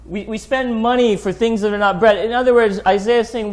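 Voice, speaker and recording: A man's voice: sits high, fairly even intonation, brisk, few pauses, a little mellow. Conversational male pastor preaching. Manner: conversational, often checking in with "right?". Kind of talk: sermon. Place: church hall.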